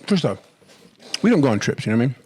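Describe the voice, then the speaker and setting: A man's voice: mid-range voice, big pitch swings, rapid-fire, a little mellow, slightly rough. A middle-aged man co-hosting a casual podcast chat, telling jokey stories and laughing often. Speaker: podcast co-host.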